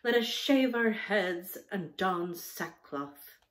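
A woman's voice: medium pitch, expressive, slow pace. A woman voicing a dramatic young girl who makes mock-solemn, theatrical pronouncements in a storybook reading.

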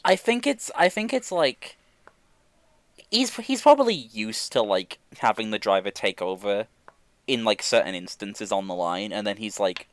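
A man co-hosting a book club podcast, animated and laughing often as he chats and reads aloud. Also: fairly low pitch, measured pace, no echo. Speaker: podcast co-host. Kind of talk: casual book club chat and reading aloud.

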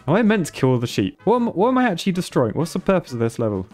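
Man, live gameplay commentary, excitable, laughs a lot, faint music behind. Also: medium pitch, quick pace. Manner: excitable, laughs often, thinks aloud. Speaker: streamer.

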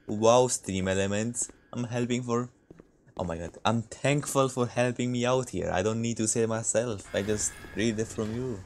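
A man's voice: medium pitch, moderate pace, a little hiss or hum. A man streaming a multiplayer game, chatting casually with players and laughing often. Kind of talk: casual gaming livestream chat.

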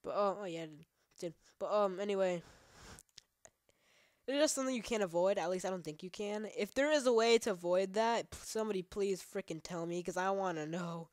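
A woman's voice: medium pitch, fairly quick, darkish tone, no echo, studio quality. A woman giving rambling, profane let's play commentary while she plays, trash-talking the game between chatty asides. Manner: rambling, profane, many fillers. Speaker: gaming channel host.

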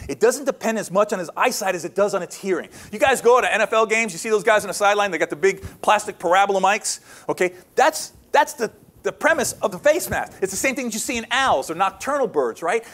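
An animated, quick-talking man tells wildlife stories to a crowd. His voice sits high for a man, and he acts out each quote, then dips into hushed asides. It is a lively presentation in a hall. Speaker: wildlife photographer giving a talk.

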